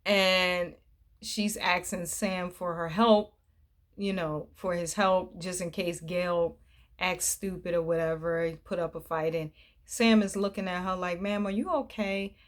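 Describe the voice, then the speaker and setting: A woman vlogger recapping a TV drama in casual, animated chat, acting out characters' lines. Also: on the low side, a little slow.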